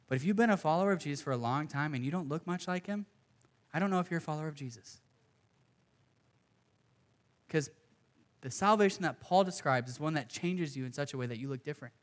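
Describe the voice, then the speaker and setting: A man's voice: a little high, fast, pauses often. Earnest conversational young male preacher. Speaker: pastor. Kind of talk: sermon.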